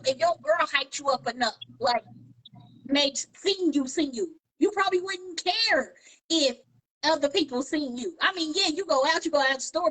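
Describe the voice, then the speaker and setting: A woman co-hosting a podcast in casual chat, telling animated stories and acting out what people said. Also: high-pitched, low-quality recording. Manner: animated storyteller, acts out quoted dialogue. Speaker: podcast co-host.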